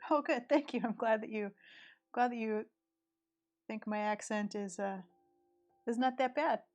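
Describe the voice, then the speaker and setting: A woman's voice: a little high, unhurried, a little mellow. Chatty woman with an East Tennessee accent. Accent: rural East Tennessee. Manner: chatty, thinks aloud while sketching. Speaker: artist streaming live. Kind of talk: casual live-stream chat while drawing. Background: faint background music.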